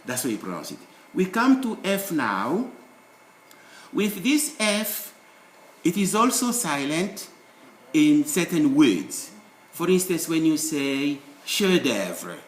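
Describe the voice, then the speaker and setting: A man's voice: a little high, expressive, slow pace, long pauses, reverberant, a little hiss or hum. A man teaching a French pronunciation lesson, explaining rules and repeating example words with emphatic rises. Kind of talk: screen-share language lesson.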